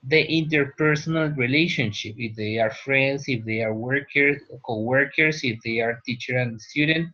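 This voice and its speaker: A mid-range voice with a sharp tone belongs to a male teacher whose native language is Spanish. He lectures slowly to his class, stopping now and then to ask "right?". The classroom audio is dull and lo-fi.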